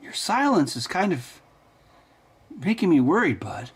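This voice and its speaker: A man hosting a relaxed livestream while tinkering with electronics, chatting casually and joking at his own expense. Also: on the high side, measured pace, creaky, long pauses, husky. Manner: self-deprecating, jokey, talks to his cat. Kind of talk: casual chat.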